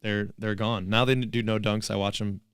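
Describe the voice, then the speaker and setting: A man's voice: on the low side, fairly even intonation, moderate pace, smooth, no room sound. A man co-hosting a basketball podcast, chatting casually and joking while watching a live game. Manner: jokey, chatty, reacts to plays. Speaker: podcast co-host.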